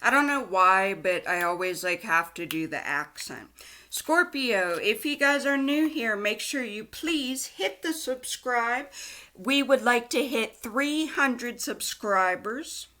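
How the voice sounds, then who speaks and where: A woman's voice: a little high, animated, takes it slowly, pushed and bright. A young woman giving a casual tarot card reading, chatty and giggly, with lots of likes and ums. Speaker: tarot reader.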